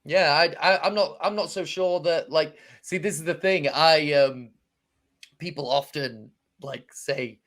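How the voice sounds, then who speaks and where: Speaking unhurriedly in a fairly high, fairly bright voice, a man co-hosts a casual podcast. He hesitates a lot, restarting often and using plenty of fillers.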